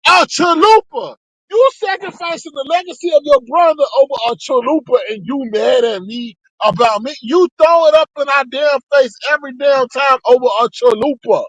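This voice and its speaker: A man giving sassy, animated live-stream commentary to his chat. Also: normal speed, hardly any pauses, no echo, low-quality recording. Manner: sassy and animated, with sharp pitch swings.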